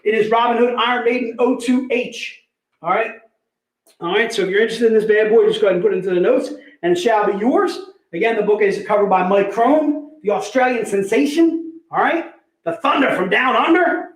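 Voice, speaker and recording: A man's voice: high voice, fairly quick. A man hosting a casual live sales stream from an office, joking around, laughing often and calling people "dude". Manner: jokey, laughs often, says "dude" a lot. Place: company office. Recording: roomy echo.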